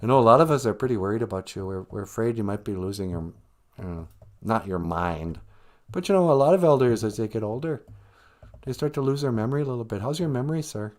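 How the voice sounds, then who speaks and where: A man hosting a comedic livestream, chatting in a joking, animated way. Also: lowish voice, fast. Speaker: livestream host.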